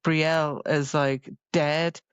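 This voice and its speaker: A woman's voice: low-pitched, level tone, takes it slowly, clear, resonant tone, no echo. Woman, podcast co-host, chatty book recap, dry close sound, a bit muffled. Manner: chatty, retells scenes with playful voices. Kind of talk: casual book discussion.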